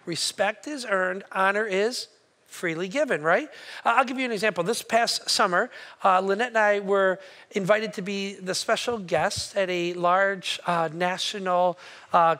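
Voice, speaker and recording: A man's voice: high voice, pushed and bright. A male pastor, telling a story in a sermon and acting out his own reactions. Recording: long hall reverb.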